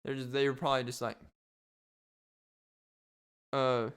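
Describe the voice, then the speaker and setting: A man's voice: mid-range voice, moderate pace, fairly bright tone, smooth. A man hosting a solo comedic podcast, rambling and joking, repeating himself as he riffs. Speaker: podcast host.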